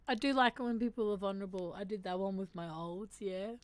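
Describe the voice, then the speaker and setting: This streamer host talks fast with few pauses, her voice medium in pitch and the recording dry. She reads statements aloud in a casual, reflective chat and reacts to each one openly and with feeling.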